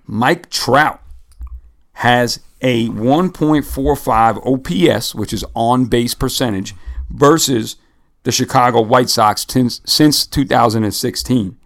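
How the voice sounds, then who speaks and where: Casual man rattling off sports stats. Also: medium pitch. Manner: relaxed, rattles off stats and cites sources. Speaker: podcast co-host. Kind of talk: casual sports podcast chat.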